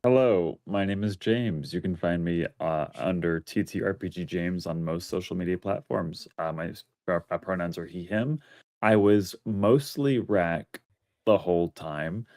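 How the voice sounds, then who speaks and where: Low-voiced polite man. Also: a little mellow, dry recording, clean studio sound. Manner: polite, slightly halting. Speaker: player. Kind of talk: casual chat.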